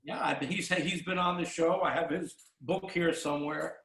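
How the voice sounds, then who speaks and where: A man in his sixties hosts a relaxed chat show and tells his stories in a meandering way, often stopping to restart a sentence. His voice sits a little high for a man. The recording has a roomy echo around it. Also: slight background noise. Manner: rambling, halting storyteller with many restarts. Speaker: podcast host. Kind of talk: casual interview chat.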